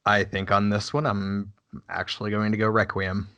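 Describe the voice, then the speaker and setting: Brief: male panelist, lowish voice, measured and considered reasoning. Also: flat delivery, sharp tone. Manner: thoughtful, hedging. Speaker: podcast panelist. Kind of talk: casual debate chat.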